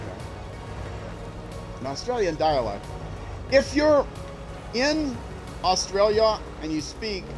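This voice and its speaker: A man talking his way through a game stream in loose, wandering chatter, often stopping to restart a thought. His voice sits a little high for a man. Soft game music plays underneath. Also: rough recording. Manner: rambling, musing aloud with restarts. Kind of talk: casual gameplay commentary.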